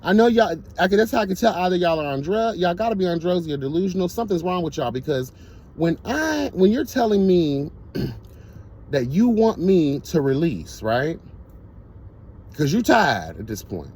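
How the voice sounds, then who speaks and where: A man's voice: high-pitched, very animated, normal speed, darkish tone, husky. A man telling a casual storytime monologue to his viewers, blunt, profane and emphatic. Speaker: storyteller vlogger.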